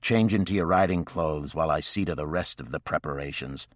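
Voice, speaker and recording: A male audiobook narrator voicing a gruff, guarded frontiersman who gives curt, clipped commands. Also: extremely low pitch, fairly quick, no echo, clean studio sound.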